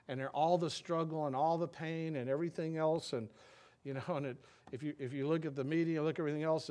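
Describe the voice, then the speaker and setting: A man's voice: a little high, darkish tone. A man preaching a sermon in a conversational way, with restarts and quoted asides. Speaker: pastor.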